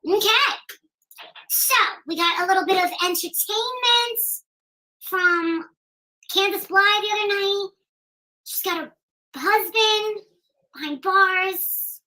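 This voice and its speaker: A woman's voice: extremely high pitch, slow, long pauses, pushed and bright. A woman hosting a drama commentary stream, mocking and sarcastic as she talks about the people she criticizes. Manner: mocking, sarcastic, slips into taunting impressions. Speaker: commentary host.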